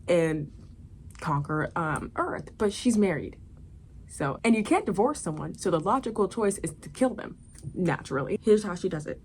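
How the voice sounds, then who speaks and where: A woman's voice: mid-range voice, slight background noise. A woman reviewing a book in a casual chat, rambling with lots of fillers and dramatic asides.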